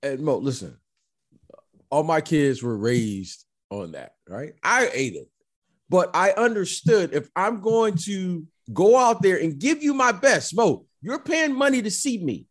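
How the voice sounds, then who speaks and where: A middle-aged man telling stories in a casual chat, emphatic and animated, often repeating the listener's name. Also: high-pitched, a little slow. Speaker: former basketball player, guest.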